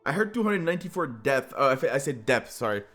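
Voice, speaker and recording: A man's voice: medium pitch, quick pace, soft background music. A tired man with a French accent commentating a live game, joking and filling gaps with lots of "uh". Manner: excitable, joking, many fillers. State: sleep-deprived. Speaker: esports commentator.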